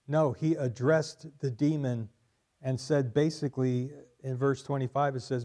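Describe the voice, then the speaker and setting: A man's voice: medium pitch, steady tone, unhurried, mellow. A male pastor delivering a sermon, stressing points by repeating them and building to emphatic questions. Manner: emphatic preaching, repeating key lines for stress.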